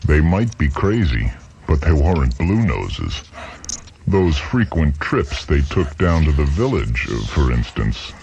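A man narrating a story in a measured, expressive reading, heard in a dull lo-fi radio recording. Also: a bass voice, slight background noise.

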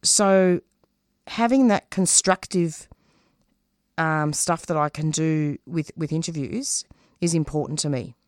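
A low-voiced woman speaks with earnest, passionate conviction, halting and restarting as she searches for words. Her voice sits deep for a woman. The sound is close and dry. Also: no echo. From Australia. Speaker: radio producer and host, interview guest. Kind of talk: casual interview talk.

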